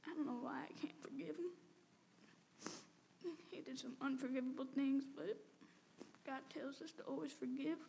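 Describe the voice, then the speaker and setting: High, gravelly-voiced teenage girl, halting. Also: steady tone, mellow. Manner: halting and tearful, filled with "like" and "um". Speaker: speaker giving a personal testimony. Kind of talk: emotional personal testimony. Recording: long reverb, faint background noise.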